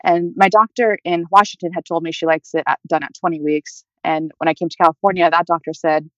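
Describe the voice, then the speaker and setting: Fast-talking young woman telling her story. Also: on the low side, fairly even intonation, a bit bright, no echo. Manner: chatty, many fillers like "like" and "you know". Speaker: interview guest. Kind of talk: personal storytelling. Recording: dull, dry lo-fi audio.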